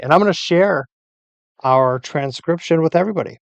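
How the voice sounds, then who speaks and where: A man's voice: fairly high pitch, brisk, vocal fry, no room sound. A man in an angry rant at an AI assistant, furious, profane and insulting, speaking at his computer at home. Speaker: user arguing with an AI assistant.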